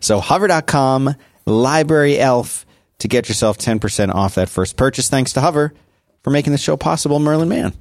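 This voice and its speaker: A man co-hosting a podcast, reading a sponsor spot and chatting casually with short, relaxed replies. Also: medium pitch, moderate pace, no echo, studio quality. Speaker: podcast co-host. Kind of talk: casual chat and ad read.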